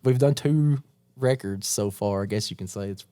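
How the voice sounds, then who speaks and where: A man with a strong East Tennessee accent, an energetic guest telling stories in casual podcast chat. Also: fairly low pitch, normal speed. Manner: energetic storyteller, quotes people in voices. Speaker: guest, musician.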